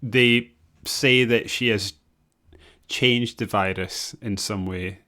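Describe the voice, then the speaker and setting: A man's voice: fairly low pitch, steady tone, slow, pushed and bright. Easygoing guy on a podcast, wry, casual. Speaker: podcast co-host. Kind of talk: casual chat. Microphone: podcast microphone.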